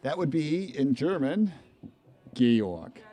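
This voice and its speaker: A man calling a live baseball game play-by-play, chatty and rambling into asides between pitches. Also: lively intonation, measured pace, darkish tone. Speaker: play-by-play commentator.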